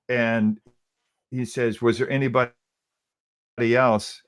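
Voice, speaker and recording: A man's voice: medium pitch, flat delivery, takes it slowly, pauses often, clean tone. A middle-aged man, a radio host casually retelling a story he covered, quoting people with many "he goes" and restarts.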